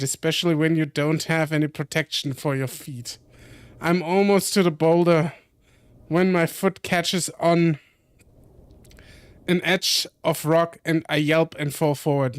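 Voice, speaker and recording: A young man streaming, reading a visual novel aloud with commentary, slowly and often correcting himself. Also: on the high side, clear, resonant tone, no room sound. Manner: slow reading with frequent self-corrections.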